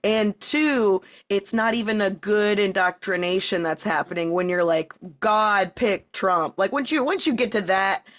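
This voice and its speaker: A woman's voice: medium pitch, normal speed, hardly any pauses. A woman co-hosting a casual podcast chat, laughing easily and trailing off mid-thought. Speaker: podcast co-host. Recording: slightly dull remote audio.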